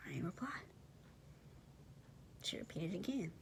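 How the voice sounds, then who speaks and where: A young woman with a deep, creaky voice tells a personal story animatedly at a moderate pace, using slangy casual speech and speaking directly to her listeners. There's slight background noise.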